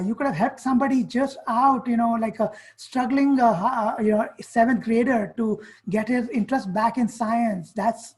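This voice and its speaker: A woman's voice: fairly high pitch, poor audio. A woman coaching students on college essays in an online workshop, speaking directly and firing off questions and commands.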